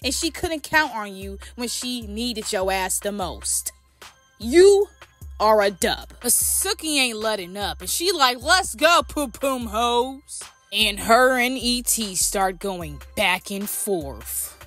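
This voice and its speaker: A woman giving a casual, animated and profane recap of a reality show, full of opinions. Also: medium pitch, slow pace, soft background music. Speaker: reality TV commentator.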